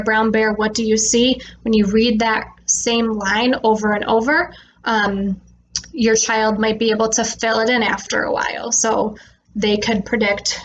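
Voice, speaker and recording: A woman speech therapist explaining reading tips to parents in a relaxed way, with frequent "um" fillers, slowing down to stress words when she models them. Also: on the high side, highs cut off, slight background noise. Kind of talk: instructional talk to parents.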